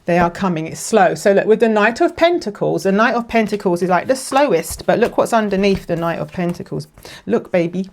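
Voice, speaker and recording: A woman giving a casual tarot reading to camera, chatty and rambling, with many fillers and restarts, emotional and quick to laugh. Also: medium pitch, expressive, a little mellow. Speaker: tarot card reader.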